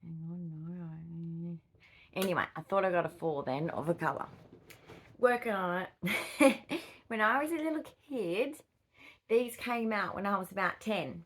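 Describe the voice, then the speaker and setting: A woman's voice: fairly low pitch, lively intonation, measured pace, pauses often, husky. A middle-aged woman from Australia with an Australian accent, chatting casually to camera in a rambling, easily distracted way. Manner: rambling and easily distracted, with frequent fillers and laughs. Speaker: vlogger.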